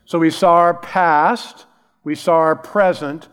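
A man's voice: fairly high pitch, fairly even intonation, takes it slowly, fairly bright tone, clean tone, big-room sound. A middle-aged man preaching a sermon as a pastor, emphatic and repeating key phrases.

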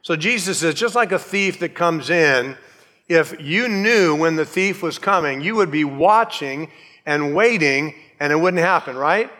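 A man's voice: fairly high pitch, sharp tone, big-room sound. A male pastor preaching a sermon in a conversational way, with joking asides and acted-out quotes.

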